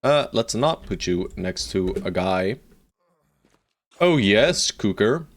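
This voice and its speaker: A man with a lowish voice gives relaxed, playful commentary over a live strategy game. He talks at an easygoing pace and jokes with his viewers. He barks orders at his units and swears casually along the way. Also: slow. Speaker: streamer playing a strategy game.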